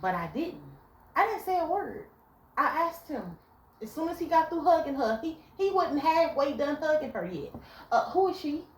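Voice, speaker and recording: Blunt, animated young woman in echoey room. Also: high-pitched, normal speed. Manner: blunt, animated storytelling with profanity. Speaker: vlogger giving relationship advice. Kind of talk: casual advice vlog. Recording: echoey room with faint ambience.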